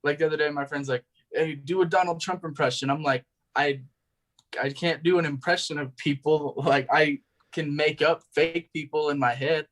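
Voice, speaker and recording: A man's voice: a little high, fairly even intonation, moderate pace, fairly bright tone, rough recording. A man being interviewed as a guest, talking loosely, laughing often and swearing casually. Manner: giggly, loose, swears a lot.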